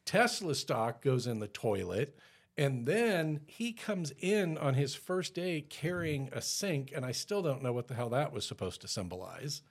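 A man co-hosting a podcast, ranting in exasperated, animated bursts, swearing casually and restarting his sentences. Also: medium pitch, a little slow. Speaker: podcast co-host. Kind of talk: casual chat.

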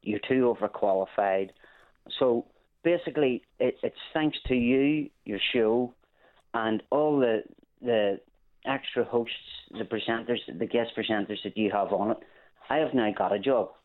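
A man from England calling in to a radio show, speaking earnestly and haltingly with many restarts. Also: medium pitch. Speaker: caller. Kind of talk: phone-in call. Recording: phone line.

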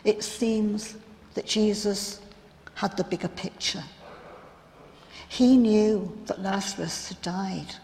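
Martha, a woman playing a slow, grieving sister. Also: mid-range voice, steady tone, gravelly, a little mellow. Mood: reflective. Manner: earnest, reflective, halting storyteller. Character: grieving biblical sister of a raised man, earnest and reflective. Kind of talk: first-person dramatic monologue. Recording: long hall reverb.

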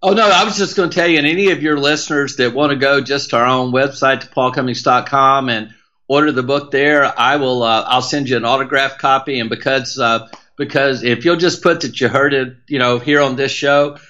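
A man's voice: medium pitch, fairly even intonation, brisk, pushed and bright, dull audio. A middle-aged man with a Southern American accent, a motivational speaker talking as a podcast guest in an emphatic, preacher-like rhythm with lots of repetition. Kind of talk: podcast interview.

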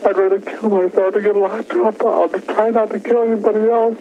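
A man with a high, weepy voice speaks in a halting, distraught way. The sound is a dull, low-fidelity archive recording of a phone call with a faint hiss underneath. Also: steady tone, gravelly. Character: weeping high-pitched male killer caller on archive tape. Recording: muffled lo-fi archive phone tape with faint noise.

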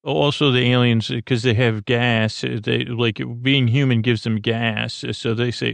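A man hosting a podcast, recapping an episode in a halting, rambling way with many fillers and restarts. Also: medium pitch, steady tone, vocal fry, no echo. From United States. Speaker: podcast host.

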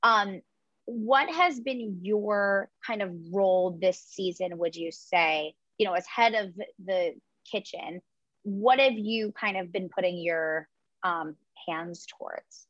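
A woman's voice: mid-range voice, slow, fairly bright tone, no echo. A woman interviewing a guest in an upbeat, chatty way. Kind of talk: friendly interview questions. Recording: dry, slightly muffled audio.

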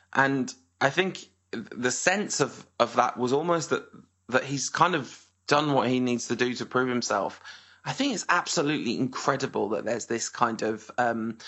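A man's voice: mid-range voice, sharp tone. A man hosting a podcast interview, asking rambling, self-correcting questions, in a dull lo-fi recording. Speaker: podcast host. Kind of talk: casual interview conversation.

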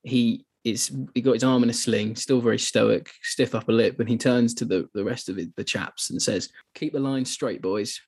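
Brief: man, podcast co-host, husky voice, eager and animated. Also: mid-range voice, moderate pace, hardly any pauses. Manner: enthusiastic, animated when retelling scenes. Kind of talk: casual podcast chat.

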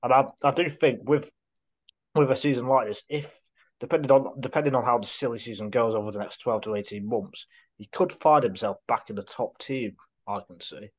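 Easygoing mid-pitched podcast man. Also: fairly quick. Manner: easygoing, thinks aloud with hedges. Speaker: podcast co-host. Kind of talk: casual podcast chat.

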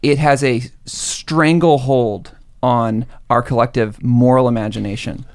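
A man talking as a guest on a podcast, reflective and building his thoughts slowly. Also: mid-range voice, fairly even intonation, a little mellow, dry recording, studio quality. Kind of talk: casual podcast chat.

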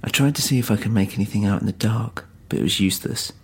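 Deep gravelly guy narrating a creepy story, slow and serious. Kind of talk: first-person horror storytelling.

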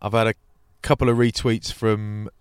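A man, co-hosting a podcast and telling casual, animated anecdotes. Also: on the low side, normal speed, clear, resonant tone, no echo, studio quality. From England. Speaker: podcast co-host. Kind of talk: casual chat.

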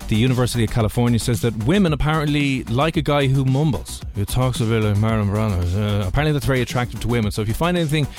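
A man's voice: medium pitch, racing, few pauses, a little mellow. Man, radio host, teasing, jokey, faint music bed. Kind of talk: radio show hosting and banter. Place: radio studio.

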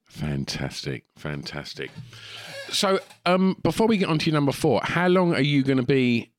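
A man co-hosting a casual comedy podcast, wry and animated, swearing now and then. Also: on the high side, brisk, smooth. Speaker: podcast co-host. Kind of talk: casual chat.

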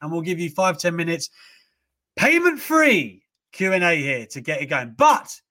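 A young man co-hosting a casual livestream, animated and quick to read out viewer messages. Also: on the high side. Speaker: co-host of a wrestling livestream.

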